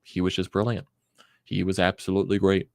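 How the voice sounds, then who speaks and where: A man's voice: low voice, monotone, a little fast, creaky, darkish tone, no room sound, studio quality. A young man hosting a fan reaction vlog, ranting in exasperation with stammers and sighs. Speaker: sports channel host.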